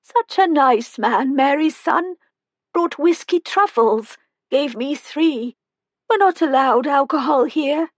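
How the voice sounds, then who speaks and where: A tiny, wizened old woman, as a woman reader puts her on in an audiobook, her voice thin and very high. She drifts and cackles. The read is close and dry. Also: slow, dry recording. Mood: vague, wry. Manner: vague, wandering, cackles.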